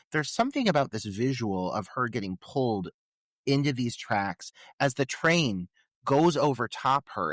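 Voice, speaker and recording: A man co-hosting a podcast, talking through a film in relaxed chat, full of filler words. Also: mid-range voice, no room sound, studio quality. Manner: conversational, many filler "like"s. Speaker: podcast co-host. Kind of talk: casual film discussion.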